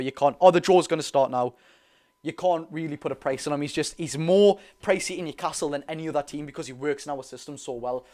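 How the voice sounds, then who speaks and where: A man with a Geordie accent hosting a casual live stream, reading out viewer questions and answering them chattily, often calling listeners "mate". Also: fairly high pitch. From North East England. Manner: calls listeners "mate" and "lads". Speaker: livestream host. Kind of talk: casual live watch-along chat.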